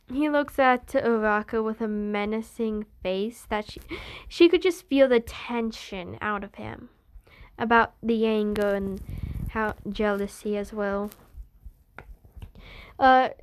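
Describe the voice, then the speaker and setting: A woman's voice: fairly high pitch, clean tone. A woman retelling a fan story in a meandering, casual way, full of restarts.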